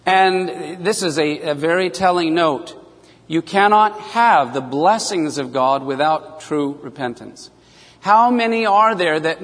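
Male pastor, fairly high voice, earnest sermon in a long-reverb church hall. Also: a bit bright. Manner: earnest preaching, acting out biblical dialogue in a raised voice. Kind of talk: radio sermon.

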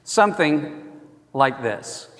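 A man preaching a sermon as a pastor, telling stories in an animated way and acting out the voices in them. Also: fairly high pitch, takes it slowly, in a large hall. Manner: animated storytelling, acts out quoted voices.

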